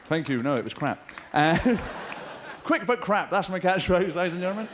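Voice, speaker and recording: A man with a London accent doing a live stand-up routine in a theatre, cheeky and full of swearing, often shouting out mimicked voices. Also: sits high, expressive, unhurried, pauses often. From England. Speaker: stand-up comedian. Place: large theatre stage with audience. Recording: theatre show taped with audience noise.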